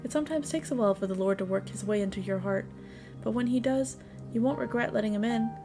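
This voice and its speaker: A woman's voice: fairly high pitch, quick pace, over music, lightly acted. Woman doing a genial, preachy pastor. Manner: welcoming, preachy. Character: genial small-town male pastor.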